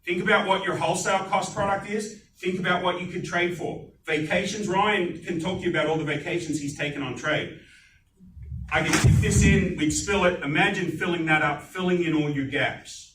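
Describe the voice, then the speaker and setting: A man giving a live sales pitch at a business networking meeting, animated and putting questions to the audience. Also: brisk, background noise. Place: meeting room. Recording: echoey room, distant mic.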